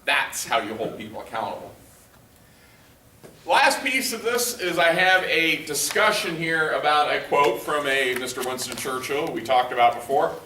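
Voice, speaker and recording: A man's voice: on the high side, animated, normal speed, bright, forceful tone, a little hiss or hum. A male trainer giving a conversational workshop lecture to a live group, often quizzing the room and using lots of fillers. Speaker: leadership trainer. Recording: echoey room, voice picked up from a distance.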